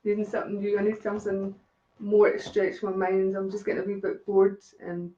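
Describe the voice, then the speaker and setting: A woman's voice: medium pitch, completely flat delivery, brisk, warm tone, echoey room, dull audio. A woman with a Scottish accent doing live psychic readings on a stream, chatting and laughing with viewers by name. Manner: chatty, laughs often, talks to commenters by name. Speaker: psychic medium.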